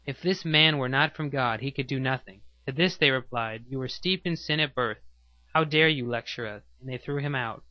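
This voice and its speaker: A man reads scripture aloud at a steady, measured pace, pausing slowly between phrases. His voice sits at an ordinary middle pitch. The recording is dry and a little muffled, with no room sound around him. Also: no room sound. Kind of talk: scripted Bible reading.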